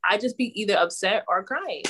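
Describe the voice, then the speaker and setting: A young adult woman co-hosting a podcast, telling relaxed, chatty stories among friends. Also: mid-range voice, normal speed, slight background noise. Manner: chatty, laid-back storytelling. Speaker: podcast co-host. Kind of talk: casual chat.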